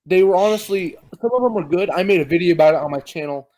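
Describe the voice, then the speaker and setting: A man's voice: high voice, fast, a little mellow. A young man hosting a podcast in casual gaming chat, rambling and restarting his sentences. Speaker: podcast host.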